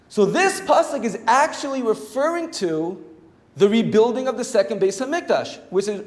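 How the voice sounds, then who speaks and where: A man, a rabbi, teaching a Torah class in a lively, animated way and acting out the quoted voices. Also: high voice. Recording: echoey hall with long reverb.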